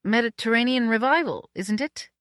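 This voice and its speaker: A woman's voice: fairly high pitch, moderate pace, a bit bright, clean tone, dry recording, clean studio sound, pitched above the performer's own voice, natural voice. A woman voicing a refined, cheerful man who speaks in a genteel, admiring way.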